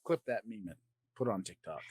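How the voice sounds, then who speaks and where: Guy hosting a podcast, ranting loud then mumbly, swears a lot, very lively voice, dead dry room. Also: fairly low pitch, quick pace, husky, dry recording. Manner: crude, animated, swings between loud and quiet. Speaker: podcast host. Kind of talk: comedic rant.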